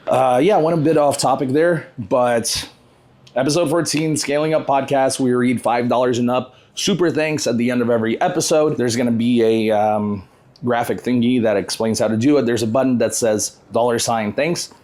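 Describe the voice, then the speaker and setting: A man's voice: mid-range voice, moderate pace, darkish tone. A young man hosting a casual podcast, joking loosely, swearing and laughing often. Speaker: podcast host.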